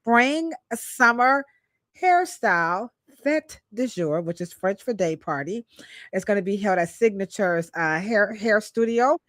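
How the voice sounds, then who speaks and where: A woman's voice: medium pitch, animated, a little slow, fairly bright tone, no echo, studio quality. A woman from Cleveland co-hosting a podcast in a playful, joking, hyped-up way, speaking. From Cleveland, Ohio. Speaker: podcast co-host. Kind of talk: lively casual podcast chat.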